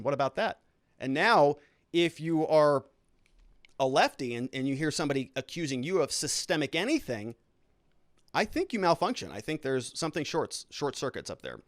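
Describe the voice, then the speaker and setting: A man hosting a political commentary show, sarcastic and animated, with mocking asides. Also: fairly high pitch, no room sound, clean studio sound. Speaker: host.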